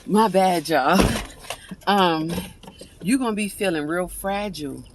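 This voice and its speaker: Speaking unhurriedly in a lowish voice over some background noise, a woman preacher offers viewers an encouraging message. Her devotional talk is informal, fervent and conversational, with frequent restarts as she turns to address her audience.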